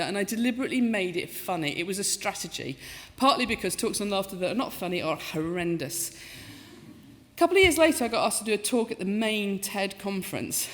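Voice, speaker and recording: A woman in her fifties giving a talk as a professor, telling stories in a lively, self-mocking way and acting out the voices she quotes. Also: mid-range voice. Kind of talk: storytelling talk with comic asides. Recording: lecture hall with long reverb.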